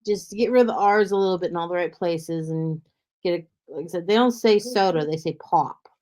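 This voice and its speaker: A woman's voice: fairly low pitch, fairly even intonation, fast talker, darkish tone. A woman hosting a podcast, chatting casually and animatedly, often slipping into mimicked accents as she talks. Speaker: podcast host. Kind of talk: casual interview chat.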